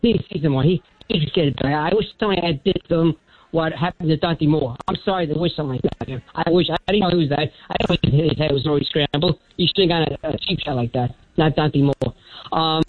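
An older retired man calling in on the phone, with a thin high "helium" voice, rambling from one topic to the next. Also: fast talker, no room sound. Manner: rambling, jumps between topics. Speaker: caller. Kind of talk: rambling call-in sports talk. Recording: muffled phone-line call.

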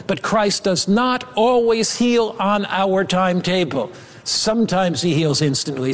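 A man preaching a sermon with an emphatic, repetitive cadence. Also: high voice. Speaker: pastor.

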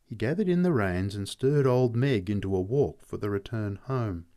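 A man narrating a story in a steady, reflective way. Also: medium pitch. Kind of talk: audiobook narration.

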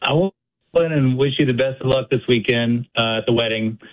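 A man's voice: medium pitch, a little fast, rough recording. A man calling in to a radio show, earnestly wishing the host well. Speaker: caller. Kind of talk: phone-in call to a radio show.

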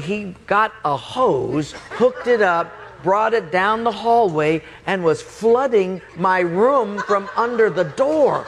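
A man's voice: high-pitched, expressive, takes it slowly, hardly any pauses, fairly bright tone, a little hiss or hum. A man animatedly telling a funny story from his own life, often laughing as he talks.

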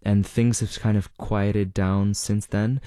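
A man with a very deep, mellow voice lays out what he has reported in a measured, explanatory way. He slips in the odd filler as he thinks. The sound is close and dry. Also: flat delivery, clear, resonant tone, dry recording. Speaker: reporter guest. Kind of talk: interview answers.

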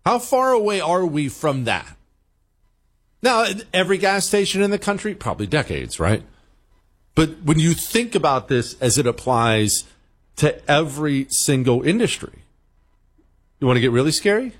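A man hosting a talk show, telling stories in an animated way, with emphatic, repetitive phrasing and playful beeping sound effects. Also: fairly high pitch, normal speed, pauses often. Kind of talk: radio talk monologue.

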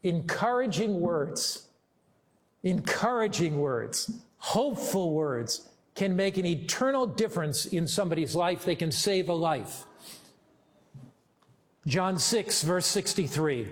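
Higher-voiced male pastor preaching. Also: animated. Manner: deliberate, emphatic storytelling. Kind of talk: sermon.

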